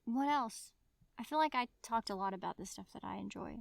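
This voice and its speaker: Woman, podcast co-host, slightly high voice, eager agreement, thoughtful. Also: brisk, vocal fry, no echo. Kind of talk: casual book chat.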